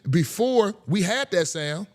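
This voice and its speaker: Man, casual podcast talk, fairly high voice, animated and repetitive. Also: a little slow. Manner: animated, repeats himself, imitates bass sounds.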